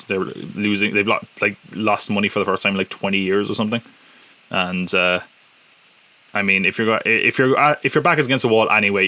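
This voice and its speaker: A man's voice: fairly low pitch, sharp tone. A man hosting a casual solo podcast, chatty and joking, with lots of fillers and restarts. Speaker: podcast host.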